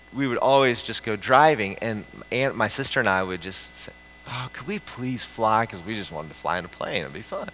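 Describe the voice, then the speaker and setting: A middle-aged man from the central United States, a pastor giving a conversational sermon in an animated, storytelling way with frequent restarts. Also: fairly low pitch, a little hiss or hum, low-quality recording.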